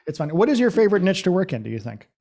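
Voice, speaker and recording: A man's voice: high voice, big pitch swings, creaky, mellow. A man hosting a podcast, talking casually and bluntly, with plenty of swearing and filler words. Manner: fast, blunt and profane, lots of fillers. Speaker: podcast host.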